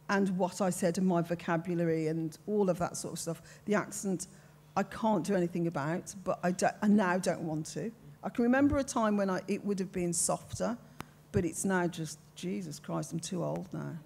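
A woman's voice: mid-range voice, moderate pace, darkish tone. An older woman with a Birmingham accent, speaking frankly and emphatically as a panelist in a discussion. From Birmingham, England. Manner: frank, emphatic, self-assured.

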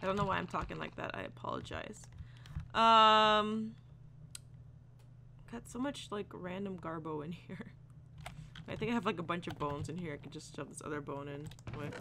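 This woman narrates her gameplay in a relaxed, giggly way, addressing the animals and putting on goofy voices. She speaks at a normal pace with a fairly low, creaky voice, pausing often against a noisy background.

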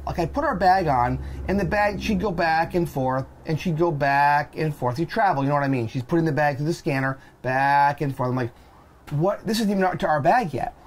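A man co-hosting a podcast, retelling a bad travel day in an animated, exasperated way and acting out the people in it. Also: a little high, normal speed, slight background noise. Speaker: podcast co-host. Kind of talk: casual storytelling.

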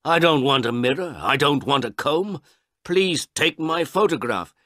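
A man's voice: a little high, expressive, a little slow, fairly bright tone, no room sound, clean studio sound, pitched above the performer's own voice. A man doing a pleading old villager. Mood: pleading, insistent. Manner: urgent, insistent pleading.

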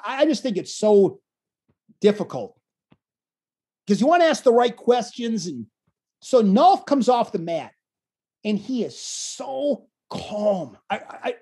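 A man who works as a wrestling commentator, guest on an interview show, telling stories in an animated way and acting out what people said. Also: extremely high pitch, normal speed, long pauses, slightly rough. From Wisconsin. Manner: animated storyteller, acts out quotes. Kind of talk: casual storytelling interview.

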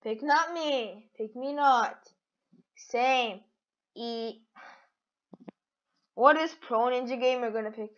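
A woman giving casual game commentary as a channel host, excitable and giggly, teasing the other players. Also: on the high side, slow, long pauses. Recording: dull lo-fi audio.

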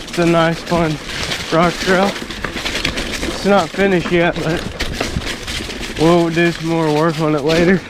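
A man's voice: a little high, flat delivery, takes it slowly, pauses often. A man casually chatting while riding his mountain bike on wooded trails, talking into an action camera outdoors. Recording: noisy outdoor action-cam audio.

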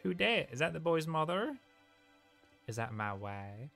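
A young man streaming a video game, giving animated, joking commentary and swearing freely. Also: fairly high pitch, a little slow, gravelly, soft background music. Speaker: let's play streamer. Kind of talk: casual gaming commentary.

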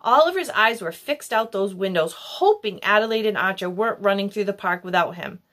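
A woman narrating a children's novel in an expressive storybook style. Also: medium pitch, brisk. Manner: expressive, animated. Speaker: audiobook reader.

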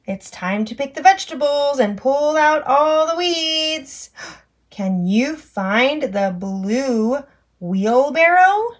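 A woman's voice: high voice, animated. A woman teacher reading a farm picture book aloud to children, acting out sound effects and asking the child to find things on the page. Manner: slow, sing-song, making animal and machine sound effects; asks the child questions and prompts button pushes. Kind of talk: children's storytime read-aloud.

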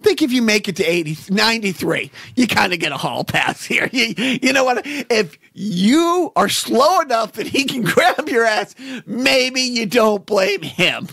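Man, high-pitched, rambling, restarts often, podcast chat. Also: measured pace, gravelly, few pauses, no room sound. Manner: rambling storyteller, many restarts, animated. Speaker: podcast co-host. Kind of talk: casual chat.

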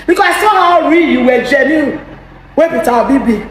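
A young Nigerian woman in a comic rant, speaking Pidgin-accented English in an agitated, exclaiming way and often shouting. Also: sits high, lively intonation, a little fast, a little hiss or hum. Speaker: vlogger. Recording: very echoey room.

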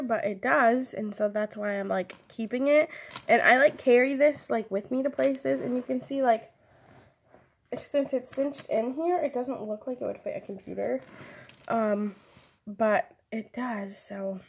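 A woman's voice: fairly high pitch, slight background noise. A young woman chatting casually in a vlog, rambling and giggling, with lots of "like" and "um". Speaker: vlogger. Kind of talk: casual chat.

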